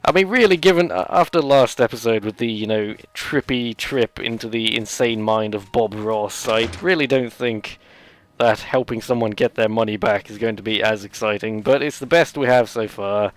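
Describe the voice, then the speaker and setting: A man's voice: lowish voice, normal speed. A man hosting a let's play, giving rambling, sarcastic gameplay commentary full of jokey asides.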